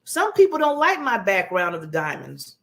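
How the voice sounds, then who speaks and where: A woman hosting her own talk show, giving a motivational talk in a conversational, animated way and acting out contrasting voices. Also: medium pitch, normal speed, gravelly. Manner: conversational, laughs at herself.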